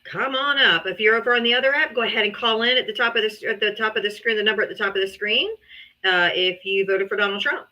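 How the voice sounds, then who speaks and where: A woman's voice: medium pitch, fairly even intonation, fast, sharp tone, rough recording. A woman hosting a live debate stream, talking casually and bluntly, with frequent swearing and exasperation. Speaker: livestream debate host. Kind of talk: casual livestream talk.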